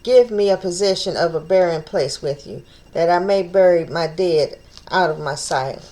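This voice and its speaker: Leading an informal Bible study, a woman with a lowish, dark voice at normal speed reads scripture aloud and stops to reflect aloud. She trips over old names and repeats phrases while figuring things out.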